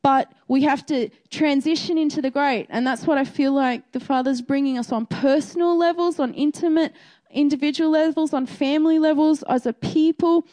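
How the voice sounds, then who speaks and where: A woman's voice: high-pitched, steady tone, normal speed, mellow. A woman who works as a midwife, giving a chatty faith testimony and encouragement, acting out her own reactions as she talks. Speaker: midwife sharing a faith message.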